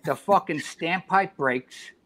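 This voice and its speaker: A man's voice: fairly high pitch, slow pace, a bit bright. Blunt, profane New man. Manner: profane, blunt, laughs while telling stories. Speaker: podcast guest, former fire battalion chief. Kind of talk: casual chat, storytelling.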